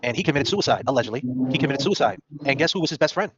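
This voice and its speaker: Fast-talking animated man. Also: mid-range voice, husky. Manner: rapid, animated, acts out quoted people in put-on voices. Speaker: podcast host. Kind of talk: casual true-crime commentary. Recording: dull, dry lo-fi stream audio.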